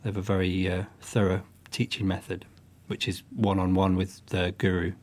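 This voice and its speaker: A man from northwest England, a folk musician talking thoughtfully in an interview, often pausing and restarting. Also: low voice, flat delivery. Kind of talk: interview chat.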